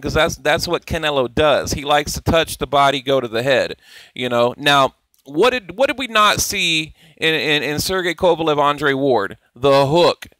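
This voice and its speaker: A man rambles through boxing commentary in a bright, forceful voice, swearing freely and cutting himself off mid-thought. He sits close to the mic, and the sound is dry, with no room around it. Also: on the high side, no room sound. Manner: rambling, profane, opinionated, self-interrupting. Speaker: boxing channel host. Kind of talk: casual commentary over on-screen clips.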